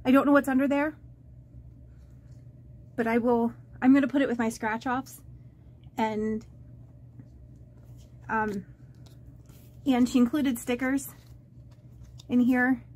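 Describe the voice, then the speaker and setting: A woman vlogger chatting to camera as she opens fan mail, halting and rambling with many fillers and restarts, gushing and easily moved. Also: fairly high pitch, steady tone, darkish tone. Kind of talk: casual unboxing chat to camera.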